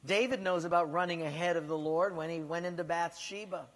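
A man's voice: on the high side, fairly even intonation, brisk, fairly bright tone, long reverb tail. A man preaching a sermon as pastor, asking the congregation direct questions and telling stories.

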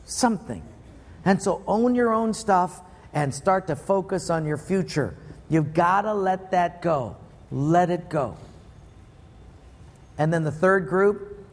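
A man's voice: sits high, measured pace, big-room sound. A man preaching a sermon, telling stories in a punchy, playful way. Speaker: pastor.

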